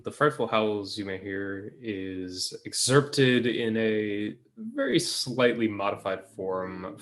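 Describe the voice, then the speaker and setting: A man co-hosting a podcast in casual chat, speaking in a measured, thoughtful way. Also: on the low side. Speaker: podcast co-host.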